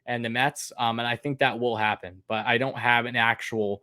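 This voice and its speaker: A man hosting a live sports stream, talking casually with lots of ums and uhs and answering chat questions, and by his own account a bit monotone. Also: mid-range voice, moderate pace, dry recording, studio quality. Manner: casual, many fillers, reads chat names aloud.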